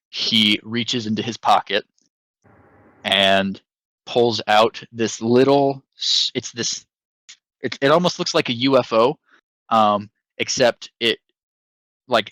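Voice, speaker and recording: A man's voice: lowish voice, fairly bright tone, no echo, rough recording. A young man narrating a tabletop game as game master, loose and full of fillers and sound effects.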